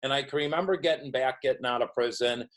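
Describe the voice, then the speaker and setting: A man's voice: mid-range voice, quick pace, low-quality recording. A middle-aged man, a podcast guest, telling his recovery story and acting out other people's dialogue. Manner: storytelling, acts out quoted dialogue. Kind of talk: recovery story told in an interview.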